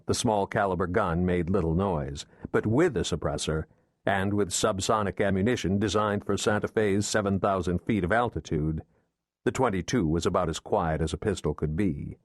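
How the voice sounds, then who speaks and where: Deep-voiced male thriller narrator. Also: dry recording, studio quality. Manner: measured, steady storytelling. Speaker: audiobook narrator.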